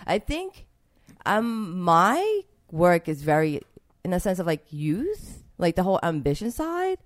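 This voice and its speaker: A young woman chatting in an interview, her pitch swinging widely as she talks. She rambles with plenty of fillers and gets emotional about her work. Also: big pitch swings, measured pace. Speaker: interviewed street artist. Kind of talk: casual interview talk.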